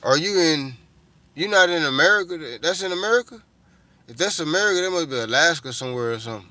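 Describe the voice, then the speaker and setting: A man's voice: on the high side, lively intonation, fast, pushed and bright, dry recording. A middle-aged man, chatting casually and profanely with viewers on a livestream, rambling from one thought to the next. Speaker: livestream host.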